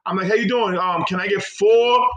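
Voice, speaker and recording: A man's voice: high-pitched, normal speed, muffled recording, crowd noise. A man, co-hosting a casual podcast and telling stories animatedly, acting out the people he quotes. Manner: animated storytelling, acting out quotes with loud outbursts. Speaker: podcast co-host. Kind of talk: casual chat.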